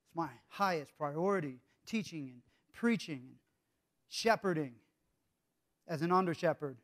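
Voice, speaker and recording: A man preaching a sermon as pastor, earnest, swinging between hushed, intimate lines and emphatic calls to the congregation. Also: on the high side, expressive, measured pace.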